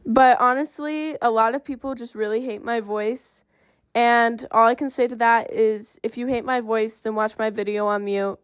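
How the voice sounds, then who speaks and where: A woman's voice: on the high side, fairly even intonation, moderate pace, smooth, no echo, studio quality. A young woman with a Southern Californian accent, chatting casually through a makeup tutorial voiceover and using "like" a lot. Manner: chatty, filler-heavy with "like". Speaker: makeup vlogger.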